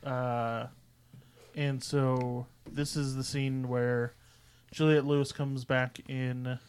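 A man's voice: mid-range voice, level tone, slow pace, clear, resonant tone. A man co-hosting a podcast, chatting about a film in a laid-back, blunt and profane way. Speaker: podcast co-host. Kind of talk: casual movie discussion.

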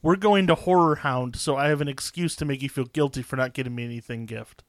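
A man's voice: mid-range voice, fast talker, no room sound. A man in his thirties co-hosting a podcast in casual chat, cracking dry, sarcastic jokes. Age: 30s. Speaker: podcast co-host.

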